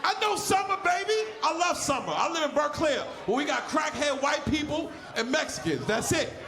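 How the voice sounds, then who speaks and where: A man in his forties with a lisp, doing a loud, crude stand-up comedy set on stage, often shouting at the crowd. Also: very high voice, expressive, a little fast, reverberant. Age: 40s.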